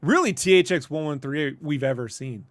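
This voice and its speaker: A man co-hosting a casual review chat, animated and rambling, laughing often. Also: a little high, a little fast, no echo. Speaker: podcast co-host.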